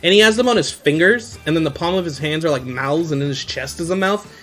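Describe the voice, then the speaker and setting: A man's voice: fairly high pitch, fast, pushed and bright. A man hosting a casual solo podcast, recapping an anime in a slangy way and laughing often as he retells scenes. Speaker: podcast host.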